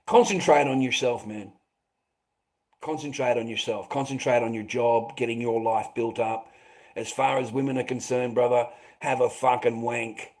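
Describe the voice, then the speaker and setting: A man's voice: mid-range voice, steady tone, normal speed, darkish tone. An Australian man hosting a livestream, giving blunt advice to viewers and swearing constantly while calling them mate. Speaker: livestream host. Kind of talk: casual livestream chat answering viewers.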